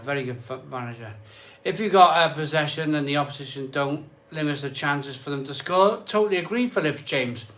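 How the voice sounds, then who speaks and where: With a sharp tone and a fairly high pitch, the man reads viewer comments on his live stream. He broadcasts from a cold conservatory bar in his home, talking in a rambling, casual way and often repeating himself.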